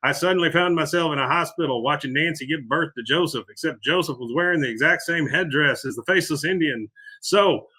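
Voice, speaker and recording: A man retelling as an excitable rambling neighbor. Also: on the high side, a little fast, slightly rough. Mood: eager. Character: excitable, self-deluded middle-aged man.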